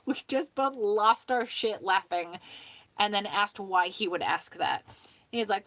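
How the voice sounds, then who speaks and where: A woman's voice: medium pitch, expressive, slow pace, a bit bright, no room sound. A woman hosting a casual home stream, chatting in a rambling way, swearing freely and laughing often. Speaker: host of a sewing hangout stream. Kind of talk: casual chat.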